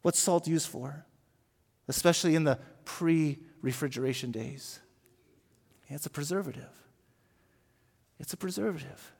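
A man's voice: on the high side, normal speed, creaky, long pauses, a little mellow, husky. A man preaching a conversational sermon as pastor, often repeating words and asking rhetorical questions. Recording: echoey hall with long reverb.

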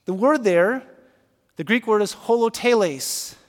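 A male pastor preaching a sermon, moving from hushed, slow prayer to loud emphatic teaching, and leading his congregation in repeating words. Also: high voice, expressive. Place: church sanctuary. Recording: long reverb of a large hall.

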